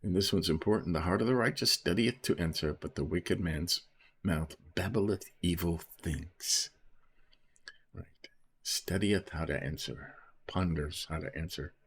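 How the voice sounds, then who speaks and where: Measured and husky, a low-voiced man reads verses from the Bible and talks through their meaning like a relaxed teacher. His frequent "right?" and "okay?" check-ins suit this informal Bible study.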